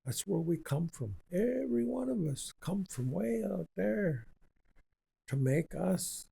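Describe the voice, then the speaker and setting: Older guy, an elder, slow and gravelly, tells stories over and over with conviction, dark husky voice. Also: high-pitched, big pitch swings, rough recording. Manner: unhurried and repetitive, speaking with conviction. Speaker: Indigenous elder, guest. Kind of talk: slow storytelling in conversation.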